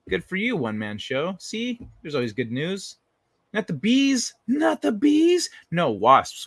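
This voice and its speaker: A young adult man hosts a late-night livestream, chatting casually and reading viewer messages. He's loose and profane, rambling with many restarts. His fairly high voice is a bit bright, with no echo.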